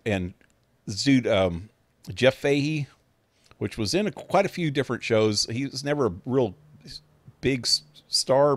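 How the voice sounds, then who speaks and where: A man's voice: fairly low pitch, no echo. A man streaming a game, chatting casually in a laid-back, rambling way with some swearing. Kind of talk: casual chat.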